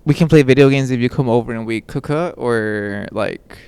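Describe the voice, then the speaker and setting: A man's voice: mid-range voice, normal speed, a little mellow, clear, resonant tone, no room sound. A man co-hosting a podcast in casual chat, making blunt, offhand comments. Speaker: podcast co-host.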